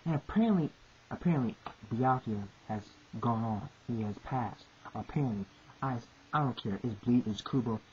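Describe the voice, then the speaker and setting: Low dark-voiced woman ranting and cursing nonstop, repeats herself a lot, muffled lo-fi audio w/ faint hiss. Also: expressive, moderate pace. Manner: profane, repetitive, exasperated ranting. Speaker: manga reviewer. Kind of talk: ranting commentary.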